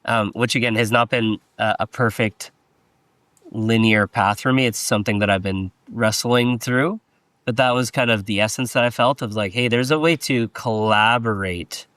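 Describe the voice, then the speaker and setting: A man talking in a hesitant, searching way in a casual podcast conversation, with many pauses and restarts. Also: fairly low pitch, steady tone, a bit bright, dry recording.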